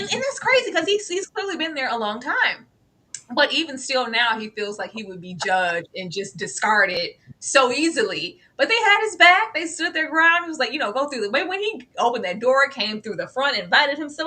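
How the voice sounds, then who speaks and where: Lively high-voiced woman reviewing a show. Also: fairly quick. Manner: animated, laughing, acts out characters in quotes. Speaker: podcast co-host. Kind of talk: casual review chat.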